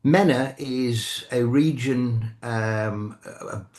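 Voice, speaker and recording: An older Englishman with a British accent, talking casually at an ordinary, middling pitch. He stumbles and restarts often, correcting himself mid-sentence as he works out his point. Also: darkish tone. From England. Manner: halting, frequent restarts and self-corrections. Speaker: guest commentator. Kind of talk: casual chat.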